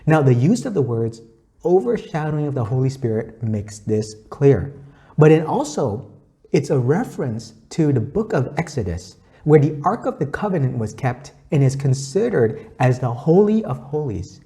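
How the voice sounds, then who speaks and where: A man's voice: mid-range voice, very animated, normal speed, dark tone. A man giving a weekly gospel reflection, earnest and teacherly, quoting scripture and repeating his key points. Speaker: faith reflection speaker.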